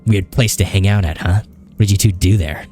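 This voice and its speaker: A man reading a blunt, deep-voiced cop. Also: fairly quick, dark tone, faint music behind, natural voice. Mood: accusing. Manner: blunt, accusatory, pressing questions. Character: stern adult male police detective.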